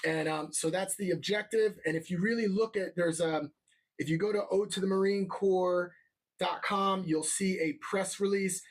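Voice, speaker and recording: A man hosting a live show who rambles loosely, keeps checking in with the audience, and slips into an upbeat promotional pitch. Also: fairly even intonation, moderate pace. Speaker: show host.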